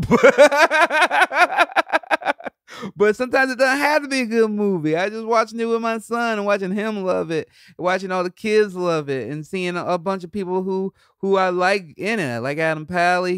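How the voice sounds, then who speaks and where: A man talking loosely into a close podcast mic, rambling and cursing in an easygoing way. His voice sits fairly high for a man and comes through smooth and resonant. The sound is dry, with no room echo. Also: normal speed. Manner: laid-back, rambling, swears freely; bursts into high laughs. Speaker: podcast host. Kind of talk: casual solo monologue.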